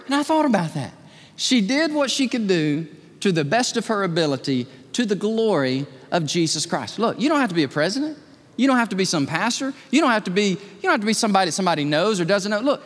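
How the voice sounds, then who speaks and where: Male pastor, sermon; animated storyteller with playful asides, swooping pitch, hall reverb. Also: quick pace.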